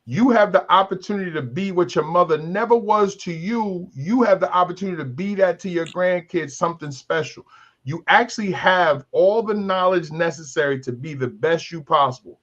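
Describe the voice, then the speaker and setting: A man's voice: high voice, normal speed, fairly bright tone, highs cut off. A man in his fifties hosting a candid panel discussion, telling stories and acting out the voices of other people as he makes his points. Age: 50s. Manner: storytelling, acts out voices of others. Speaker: talk show host.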